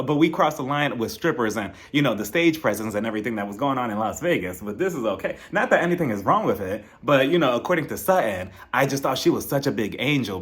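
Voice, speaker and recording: A man casually recapping a reality TV episode, animated and laughing, acting out what the cast said in mocking voices. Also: a little high.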